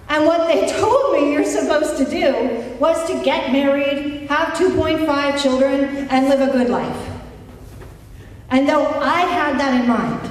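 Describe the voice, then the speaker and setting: Woman telling her story at a conference, slow and frank, wry jokes, distant mic, echoey hall, bit of hum. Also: high voice. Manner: slow, candid personal storytelling with wry humor. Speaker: life and recovery coach, conference speaker. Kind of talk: inspirational conference talk.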